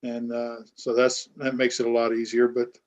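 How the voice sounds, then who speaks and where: A man's voice: medium pitch, completely flat delivery, moderate pace, darkish tone, rough recording. A man from Florida, an author guest, talking in a plain, easygoing way. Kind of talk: casual chat.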